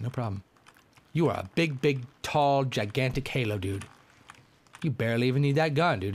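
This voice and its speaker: A young man commentating a game, joking around and yelling when things go wrong. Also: mid-range voice. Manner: joking, excitable, yells at the game. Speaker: gameplay commentator. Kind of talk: let's-play commentary.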